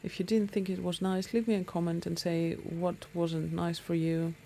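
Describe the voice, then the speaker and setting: Gravelly chatty woman vlogging a ride. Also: on the low side, level tone, normal speed, dark tone, slight background noise. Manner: chatty and rambling, with many ums. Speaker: motorcycle vlogger. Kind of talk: casual talk to camera while riding.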